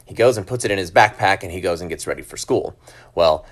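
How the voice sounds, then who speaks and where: Easygoing low-voiced dad. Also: male voice, fast. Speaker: father telling a family story. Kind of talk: casual storytime to phone camera.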